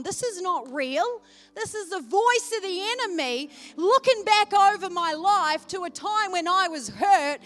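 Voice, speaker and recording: High-voiced woman preaching with emotion. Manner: emotional storytelling, swings between loud and hushed. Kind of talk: sermon. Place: church service.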